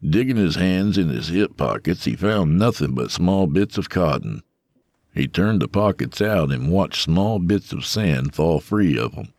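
A man narrating a scripted story in a dramatic, measured way. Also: low voice, animated, a little mellow, no echo, clean studio sound.

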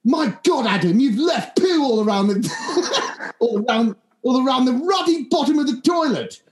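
A man putting on the posh voice of a fussy perfectionist friend, shrill and exasperated. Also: animated, normal speed, slight background noise. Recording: roomy echo.

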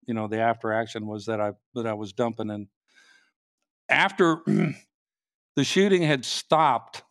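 A man, a state trooper, telling his story in a casual interview, halting and restarting sentences as he goes. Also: mid-range voice, no room sound, studio quality.

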